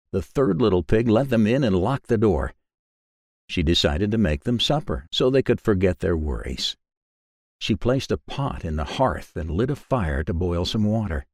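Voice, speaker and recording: A man narrating a children's fairy tale in a measured, expressive way. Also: mid-range voice, dry recording, clean studio sound. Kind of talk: storybook narration.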